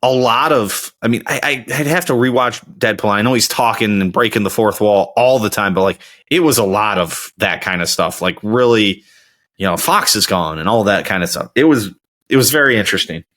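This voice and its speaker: A man's voice: fairly low pitch, animated, brisk, fairly bright tone. A young man hosting his own show, chatting casually and telling rambling stories with frequent restarts. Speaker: podcast host. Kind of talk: casual solo chat.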